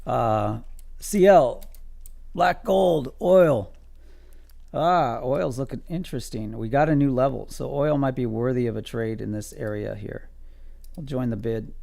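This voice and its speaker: A man's voice: medium pitch, moderate pace, gravelly, a little mellow. A man streaming his day trading live, calling out levels to viewers in a casual, joking, self-amused way.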